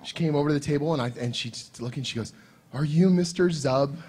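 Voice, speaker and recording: On a convention panel, a comic writer and co-host tells wry, joking stories in a casual way, now and then swearing. His voice is fairly high and a little mellow, slightly rough, and he talks fast.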